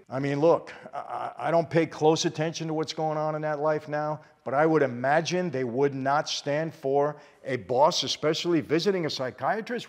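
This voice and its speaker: An older man hosting his channel, giving impassioned, emphatic commentary to camera. He repeats phrases for force and calls out to viewers as "people.". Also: on the high side. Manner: addresses viewers directly as "people". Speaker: channel host.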